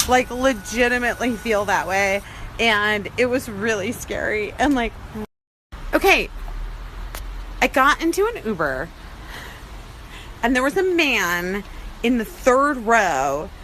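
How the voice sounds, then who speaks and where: Woman in her 30s for a rambling phone-story vlog; high, bright, breathless and giddy. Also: slight background noise. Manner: excitable, breathless storytelling with shrieks and laughter. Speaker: vlogger.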